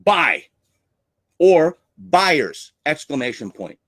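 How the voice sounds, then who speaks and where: Guy teaching sales, big swoopy pitch, really showy delivery, dry close sound. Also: big pitch swings, slow pace, fairly bright tone, dry recording. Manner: theatrical, emphatic delivery. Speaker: sales coach. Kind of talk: teaching talk on selling.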